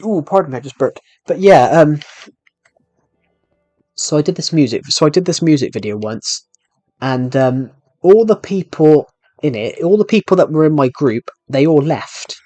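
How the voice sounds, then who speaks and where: A man's voice: on the high side, expressive, a little slow, mellow, no room sound, faint music behind. A young man live streaming a game, telling a rambling, aggrieved story that keeps repeating and restarting phrases. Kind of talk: casual live stream chat while gaming.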